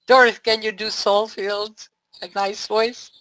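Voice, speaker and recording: A woman's voice: medium pitch, flat delivery, a little slow, a bit bright, poor audio. A woman coaching a group on a call, blunt and emphatic, laughing often. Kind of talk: casual group coaching talk.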